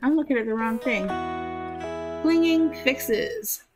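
Woman, casual gameplay commentary, fairly high voice, chatty, swears casually. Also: slow pace, over music. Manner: chatty, swears casually, talks to her characters. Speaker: gameplay streamer.

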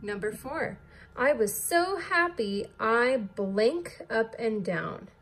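Slow, patient woman teacher spelling. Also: on the high side, animated, a bit bright. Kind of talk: recorded distance-learning lesson.

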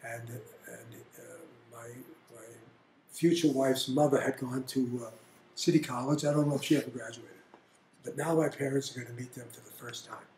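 An older man being interviewed, telling family stories in a blunt, animated way. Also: medium pitch, normal speed, a little hiss or hum. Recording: roomy echo.

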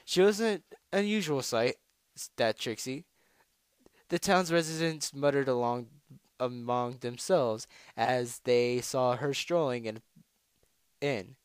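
A man's voice: mid-range voice, slow, smooth, no echo. A man narrating a fan story aloud, reading with frequent stumbles and self-corrections.

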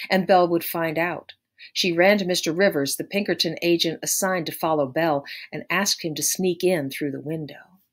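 Female audiobook narrator, low voice, measured and expressive. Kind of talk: read-aloud narration of a story.

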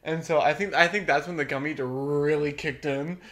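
A young woman co-hosting a casual podcast chat, giggly and breaking into loud laughter as she tells stories. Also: low voice, fairly even intonation, normal speed. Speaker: podcast co-host.

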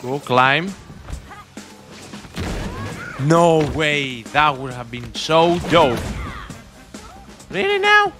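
A young man giving casual, excitable gameplay commentary as a streamer, swearing and joking as he plays. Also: a little high, extremely slow, long pauses. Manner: excitable, swearing, jokey outbursts. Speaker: gaming streamer. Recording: voice over loud game music. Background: game music.

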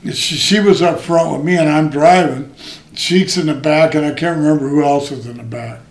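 A man's voice: fairly high pitch, normal speed. An older man, a retired wrestler, telling rambling and profane anecdotes in an interview. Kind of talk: shoot interview storytelling.

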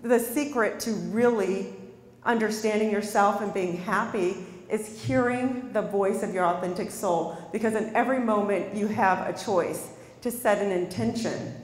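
A woman's voice: mid-range voice, normal speed. Woman speaker in a reverberant hall. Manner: storytelling, animated, asks the audience questions. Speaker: life coach and speaker. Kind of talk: motivational talk to an audience. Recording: long hall reverb from a stage.

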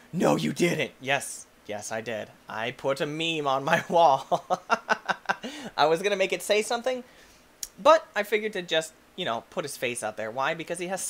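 A young man narrates his gameplay in a goofy, excitable rush, his pitch swinging wildly from low mutters to high yelps. He shouts and jokes at the screen as he plays, with a lively, bouncing delivery. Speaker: gaming YouTuber. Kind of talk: energetic gameplay commentary.

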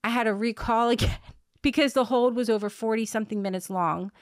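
A woman hosting a podcast, telling a long story in a rambling way, with many fillers and restarts, laughing at her own dark humor. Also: a little high, fairly quick, no room sound, clean studio sound. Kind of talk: casual conversational storytelling.

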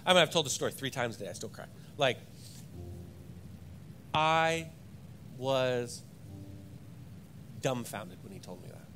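A young adult pastor giving a sermon in church, moving between loud, emphatic preaching and quiet, halting personal stories. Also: male voice, mid-range voice, animated, over music. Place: church sanctuary.

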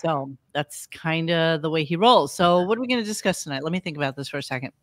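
A podcast host chatting casually, rambling and halting with fillers and restarts. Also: medium pitch, no room sound, clean studio sound. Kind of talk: casual chat.

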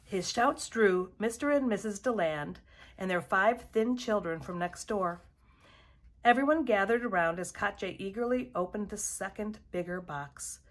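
A woman reading a children's picture book aloud in a measured storytelling voice. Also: medium pitch. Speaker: storybook reader.

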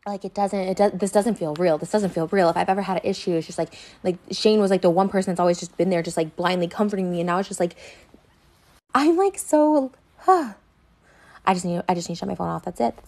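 A woman's voice: fairly low pitch, steady tone, rapid-fire, few pauses, warm tone, dry recording, poor audio. Rambling woman talking into her phone. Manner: rambling, heavy use of "like", frequent restarts. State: crying. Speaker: TikTok creator. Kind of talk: emotional personal vlog.

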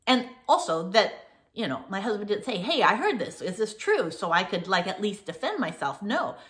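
A woman's voice: medium pitch, very animated, moderate pace, a bit bright. An older woman hosting a casual show, telling a long personal story in a rambling way with many fillers and restarts. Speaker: host.

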